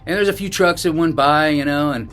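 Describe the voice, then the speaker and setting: A man's voice: fairly high pitch, brisk, faint music behind. Rambling middle-aged man telling a story. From Northern California. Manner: rambling, many fillers and restarts, acts out quoted shouts. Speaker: travel vlogger. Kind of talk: casual storytelling to camera.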